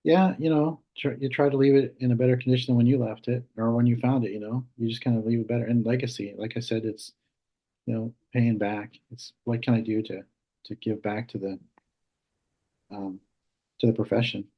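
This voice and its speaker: A man in his fifties, a guest on a podcast, with a husky, breathy voice. He tells stories with animation and acts out the back-and-forth. The recording sounds a little muffled and lo-fi. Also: medium pitch, brisk. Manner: animated storyteller acting out dialogue. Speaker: guest, emergency nurse. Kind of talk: casual conversational interview.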